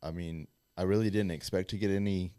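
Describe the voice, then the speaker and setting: A man's voice: low-pitched, fairly even intonation, brisk, mellow, clean tone. A man chatting casually on a podcast, asking questions and sharing a travel experience.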